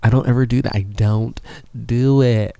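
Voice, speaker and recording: A man's voice: mid-range voice, fairly even intonation, moderate pace, creaky, mellow, smooth, dry recording. A man hosting a podcast, talking in a loose, rambling and self-mocking way, sometimes dropping to a whisper, close on a studio microphone in a small studio. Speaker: podcast host. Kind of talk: casual rambling monologue. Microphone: professional studio microphone, close.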